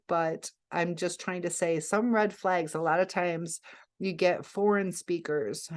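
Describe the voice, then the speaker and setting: A woman vlogger casually telling a story to camera, chatty and rambling, often pausing and correcting herself. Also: lowish voice. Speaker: vlogger recounting a scam attempt.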